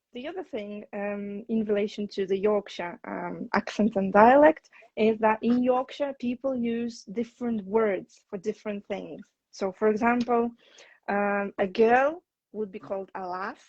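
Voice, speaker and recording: A woman's voice: mid-range voice, darkish tone, no room sound, muffled recording. A woman English teacher talking casually on a live stream, explaining patiently with frequent ums.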